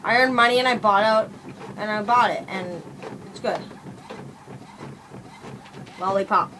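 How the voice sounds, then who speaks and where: A woman's voice: medium pitch, measured pace, long pauses, background noise. A young woman casually reviewing a wrestling event in a vlog, rambling and chatty with lots of fillers.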